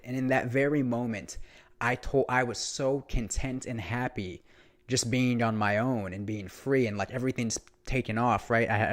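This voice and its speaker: Young man rambling through a story. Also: medium pitch. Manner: rambling and animated, with frequent restarts and profanity. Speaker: vlogger. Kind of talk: casual storytelling monologue.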